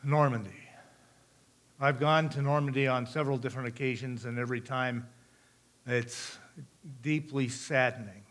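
A man's voice: mid-range voice, fairly even intonation, normal speed, long pauses, a bit bright. A middle-aged American man giving a missions talk to a congregation in a conversational way, asking the audience questions and repeating their answers back. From United States. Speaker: missionary speaker.

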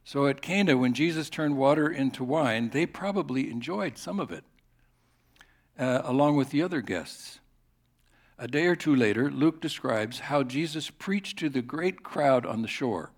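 A pastor giving a sermon in a conversational, storytelling manner. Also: male voice, medium pitch, lively intonation, moderate pace.

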